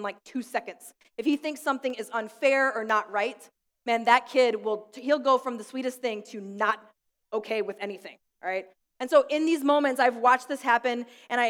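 A woman pastor preaching in a hall that leaves a long tail of reverb behind each phrase. Her voice sits a little high, and she tells stories with easy laughter in between. She sounds like a young adult. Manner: warm storytelling with light laughs. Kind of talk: sermon with prayer. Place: school room used for church.

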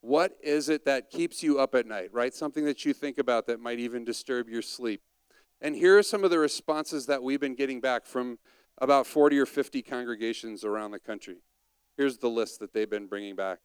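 A man's voice: medium pitch, a little fast, clean tone, dry recording. A man preaching a conversational sermon and asking the audience questions.

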